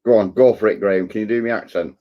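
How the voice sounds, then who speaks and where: A man joining a live stream as a guest over a call, talking in a friendly, relaxed way. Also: fairly low pitch, quick pace, dull audio. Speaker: guest caller. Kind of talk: casual chat over a video call.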